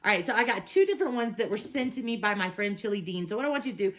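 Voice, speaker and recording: A woman's voice: mid-range voice, animated, racing, fairly bright tone. Chatty woman reviewing hot sauce. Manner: chatty and enthusiastic, reads labels aloud. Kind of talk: casual product review.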